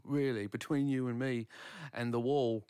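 A man's voice: mid-range voice, fairly even intonation, normal speed, warm tone, clean tone, dry recording, studio quality, close to an everyday voice. A man putting on a British accent to play a breezy, dismissive Brit who swears offhandedly. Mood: mock-posh. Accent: put-on British.

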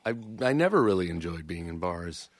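An American musician in casual chat as a podcast co-host, self-deprecating and quick to laugh. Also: male voice, low-pitched, very animated, no echo, clean studio sound. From United States.

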